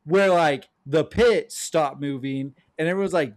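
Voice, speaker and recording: A man co-hosting a podcast, telling a story in an animated way with bits of laughter. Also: a little high, unhurried, no room sound, studio quality. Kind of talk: casual chat, storytelling.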